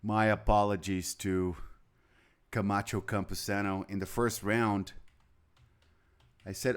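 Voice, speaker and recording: A man's voice: on the low side, fairly even intonation, a little slow, long pauses. A man giving live chess commentary, rambling and chatty, with anecdotes between moves.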